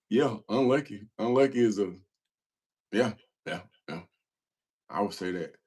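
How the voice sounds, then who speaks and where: Laughing, animated man chatting on a livestream. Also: lowish voice, a little slow, husky. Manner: laughs often while telling stories, slangy and self-mocking. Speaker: livestream host. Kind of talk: casual livestream chat reading comments.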